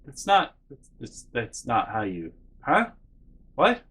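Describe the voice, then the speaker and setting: A woman's voice: extremely low pitch, wildly swooping pitch, slow, fairly bright tone, slightly rough, full character voice. A man voicing his younger sister as a baffled, sputtering young woman.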